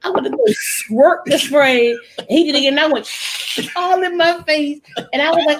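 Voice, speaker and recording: High-voiced woman telling a profane story. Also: moderate pace, a little hiss or hum. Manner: animated, profane storytelling with acted-out quotes. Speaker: guest storyteller. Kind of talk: casual chat.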